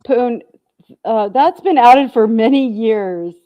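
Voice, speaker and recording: A woman's voice: a little high, takes it slowly, dull audio. A woman joining a casual stream chat, correcting the host emphatically.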